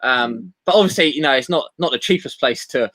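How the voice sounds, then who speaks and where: A man's voice: medium pitch, brisk, fairly bright tone. A young man with a Portsmouth English accent, a guest on a casual live-stream chat, talking in loose, hesitant bursts. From England. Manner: hesitant, many fillers and restarts.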